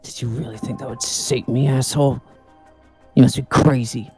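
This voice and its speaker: A woman's voice: very deep voice, fairly even intonation, normal speed, over music, pitched below the performer's own voice. A woman voicing a bitter, vengeful male ex-convict while reading game dialogue, snarling, taunting and swearing.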